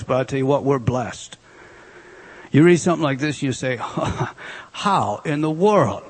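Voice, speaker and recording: A man preaching a sermon with emphatic delivery and rhetorical questions. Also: on the high side. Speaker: pastor.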